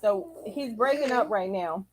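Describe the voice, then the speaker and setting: A woman's voice: mid-range voice, expressive, a little slow, darkish tone, a little hiss or hum, poor audio. A woman hosting a casual talk show, outspoken and opinionated, with a joking edge. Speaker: show host.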